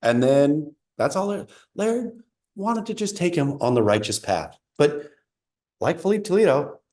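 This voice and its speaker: A man co-hosting a casual podcast chat, speculating out loud in an animated, emphatic way. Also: fairly high pitch, measured pace. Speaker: podcast co-host.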